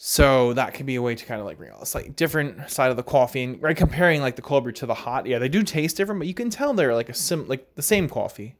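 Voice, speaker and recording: A man's voice: mid-range voice, fast, hardly any pauses. A man hosting a casual solo podcast chat, rambling loosely with lots of "like" and "right?" and the odd easy laugh. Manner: rambling, filler-heavy, frequent "like" and "right?"; relaxed, laughs now and then. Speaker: podcast host.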